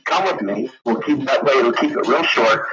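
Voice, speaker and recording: A man's voice: medium pitch, normal speed. A man calling in to a late-night radio show, telling a story in a rambling way full of fillers. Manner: rambling, many fillers and restarts. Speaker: caller. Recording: dull lo-fi radio broadcast with crowd.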